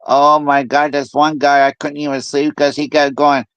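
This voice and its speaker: A man chatting casually as host, telling stories in a lively way and mimicking other people's voices. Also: fairly high pitch, a little slow, hardly any pauses, clear, resonant tone, dry recording, dull audio. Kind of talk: casual chat.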